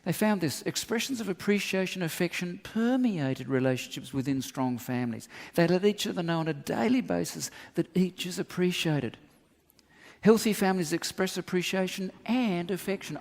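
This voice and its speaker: An Australian man preaching in a church hall, his fairly high voice carrying a long reverb. He tells lively stories with humorous asides. He sounds middle-aged. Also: normal speed. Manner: animated storyteller, humorous asides. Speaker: pastor. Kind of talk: sermon.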